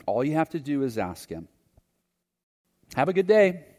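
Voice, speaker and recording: A preacher voicing a kindly patrol officer. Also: male voice, on the high side, big pitch swings. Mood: gentle. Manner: gentle, unhurried, kindly. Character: calm friendly male highway patrol officer. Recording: long hall reverb.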